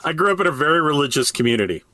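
A man co-hosting a political podcast in casual chat, expressive and quick to back up his partner. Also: a little high, no room sound. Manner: expressive, backs up co-host with quick agreement. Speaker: podcast co-host.

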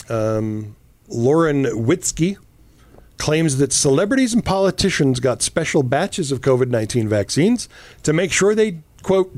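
A man's voice: fairly high pitch, darkish tone, no room sound. A man co-hosting a casual political talk show, reading news items aloud and adding sarcastic asides. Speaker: podcast co-host.

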